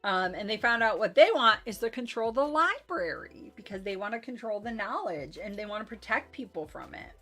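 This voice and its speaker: A woman hosting a casual recap of a tabletop game, talking in a chatty, rambling way. She keeps apologizing for her own slips and pads her talk with fillers. Faint music plays quietly under her voice. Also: mid-range voice, animated, brisk, hardly any pauses. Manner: chatty, self-deprecating, rambling with many fillers. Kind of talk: casual chat.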